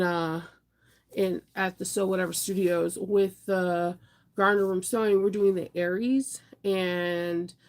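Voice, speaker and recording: A woman who is congested from being sick, chatting casually on a livestream in a rambling, upbeat way. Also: on the low side. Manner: rambling, upbeat, answers viewer comments. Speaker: vlogger.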